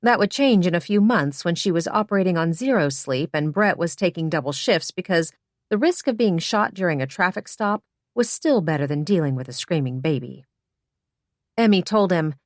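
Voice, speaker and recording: A woman narrates a story in a lower-than-usual voice. She reads plainly and gives the characters light voices of their own. The sound is close and dry, with no room in it. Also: no echo. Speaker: audiobook narrator. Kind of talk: scripted narration.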